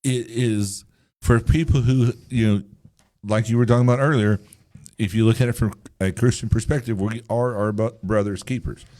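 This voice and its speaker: A man's voice: on the low side, fairly even intonation, moderate pace, darkish tone. A man co-hosting a podcast in casual discussion, careful to hedge his claims and arguing from a Christian view. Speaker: podcast co-host.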